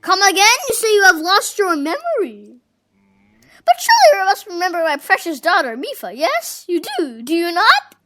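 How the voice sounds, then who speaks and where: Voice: very high-pitched, wildly swooping pitch, normal speed, bright, forceful tone, a little hiss or hum, heavily acted. A fan voice actor playing a jovial old fish-folk king who speaks in grand, courtly phrases. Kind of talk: voicing game dialogue.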